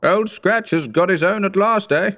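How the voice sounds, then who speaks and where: A man's voice: moderate pace, a bit bright. A man voicing a smug, breezy rich businessman. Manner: high, clipped, breezy voice. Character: wealthy, smug male businessman.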